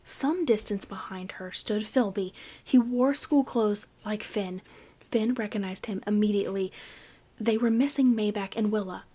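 A woman reading a novel aloud as audiobook narration, in a slow, hushed storytelling manner. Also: mid-range voice, husky. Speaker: audiobook reader.

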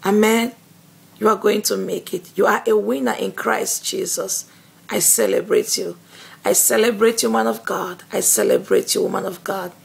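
A woman evangelist giving an earnest, encouraging devotional video message, speaking with a husky, gravelly voice, slowly and with frequent fillers and repeated words. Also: mid-range voice.

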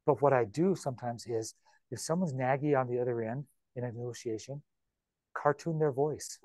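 Broker type: a man with a mid-range voice, dry and close, giving a chatty, animated training talk. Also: medium pitch, no room sound. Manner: chatty, animated, with quick repeats and asides. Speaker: real estate broker leading agent training. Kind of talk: informal training talk to a room of agents.

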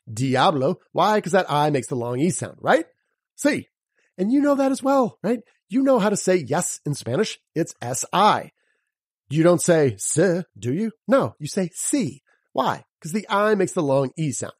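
A man hosting a solo podcast lesson. He spells words out letter by letter and asks his listeners rhetorical questions in a lively, teacherly way. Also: a little high, unhurried, slightly rough, dry recording, studio quality. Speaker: podcast host and sales coach.

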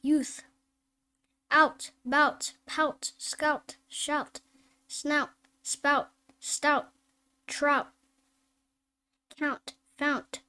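A woman reading phonics drills and simple sentences aloud, slow and deliberate, word by word. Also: high-pitched, flat delivery, pushed and bright. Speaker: phonics teacher.

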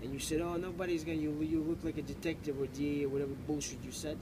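Belligerent man, street confrontation, quick and high, traffic noise behind. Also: flat delivery. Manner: aggressive, profane, confrontational. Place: city street outdoors. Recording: noisy street recording with traffic.

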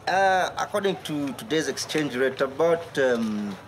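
An actor playing a playful, slangy young hustler who jokes and laughs a lot in a TV drama. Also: male voice, medium pitch, lively intonation, unhurried, noisy background, lightly acted. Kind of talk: TV drama acting.

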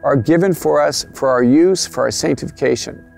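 A man's voice: a little high, moderate pace, creaky, darkish tone, soft background music. A man giving an earnest teaching talk on faith, explaining step by step. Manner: earnest, explanatory, some restarts. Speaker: catechetical presenter.

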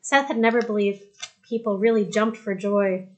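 Steady woman reading a novel aloud. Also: mid-range voice, moderate pace. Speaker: audiobook narrator. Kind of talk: scripted narration.

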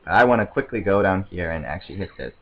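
A man giving casual, excitable gameplay commentary, rambling to himself and often stammering over restarts. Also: low-pitched, quick pace, highs cut off, faint music behind. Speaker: let's play commentator.

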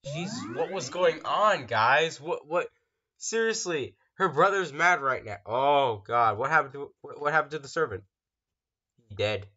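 A gamer giving excitable, casual commentary while playing, talking to viewers and breaking into sudden screams. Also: medium pitch, a little slow, husky, dull audio. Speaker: let's play gamer.

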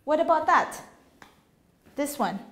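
A woman teaching an English class, speaking slowly, asking questions and repeating each word for her students. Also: high-pitched, animated, a bit bright. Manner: slow, patient, asks questions and repeats words. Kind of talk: classroom language lesson. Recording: echoey room with faint noise.

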